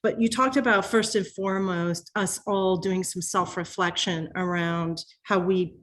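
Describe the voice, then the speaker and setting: A woman's voice: on the low side, steady tone, a little slow. Appreciative woman host on a video call. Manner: warm, appreciative, a bit rambling. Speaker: host, moderator. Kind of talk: wrapping up a webinar.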